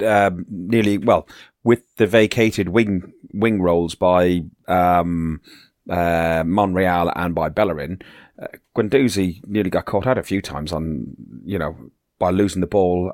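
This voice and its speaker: A man on a casual football podcast, talking in a halting way with many hesitations. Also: low-pitched, steady tone, a little mellow, dry recording, clean studio sound. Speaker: podcast co-host.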